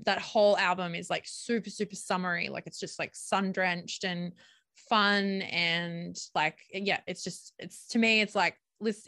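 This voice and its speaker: A woman's voice: lowish voice, fairly bright tone, no room sound, studio quality. A young adult woman with an Australian accent, co-hosting a podcast in casual chat, full of "like" and "um". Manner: chatty, lots of "like" and "um". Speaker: podcast co-host.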